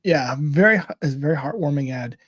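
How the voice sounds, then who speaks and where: A man's voice: a little high, lively intonation, a little fast, a bit bright, breathy edge. A man co-hosting a casual political talk show, rambling and searching for the right words. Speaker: co-host.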